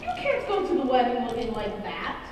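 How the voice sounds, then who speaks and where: A woman's voice: a little high, huge pitch swings, brisk, background noise. A young woman playing a drowsy, tipsy older chaperone with a languid sleepy drawl. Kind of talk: stage musical acting. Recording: dull, echoey stage hall from far off.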